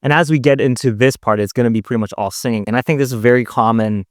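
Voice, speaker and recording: A man's voice: mid-range voice, fairly even intonation, rapid-fire, no room sound, studio quality. A man hosting as a vocal coach, explaining singing technique in a casual, upbeat way. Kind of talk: casual reaction breakdown.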